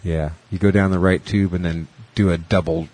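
A man's voice: low voice, steady tone, moderate pace, darkish tone. A man co-hosting a podcast in casual chat, rambling and swearing, acting out other people's lines as he retells a story. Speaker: podcast co-host.

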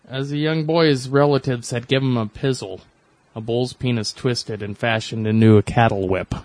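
A man's voice: medium pitch, fairly even intonation, moderate pace, a little mellow, no echo. A man co-hosting a crude podcast chat, laid-back and hesitant, trailing off into fillers. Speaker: podcast co-host.

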